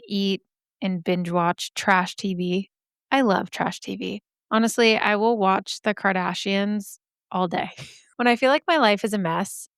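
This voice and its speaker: A woman's voice: medium pitch, smooth, no room sound, studio quality. A young woman hosting a podcast, chatting casually in a gushing way that swears freely, her voice a little scratchy today. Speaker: podcast host. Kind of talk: casual chat.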